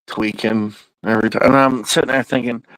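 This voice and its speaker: A man hosts a podcast and tells his stories in a loose, meandering way, swearing freely and drawling through asides. His voice sits at an ordinary middle pitch. The sound is dry and close, with no room around it. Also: steady tone, fairly quick, a bit bright, no room sound, poor audio. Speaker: podcast host. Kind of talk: casual rambling storytelling.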